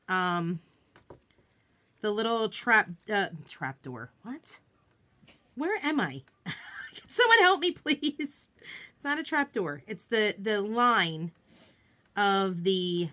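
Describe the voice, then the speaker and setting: A woman's voice: medium pitch, sharp tone. A woman hosting a casual live craft tutorial, chatting and greeting viewers by name, joking about her own slip-ups. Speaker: craft demonstration host.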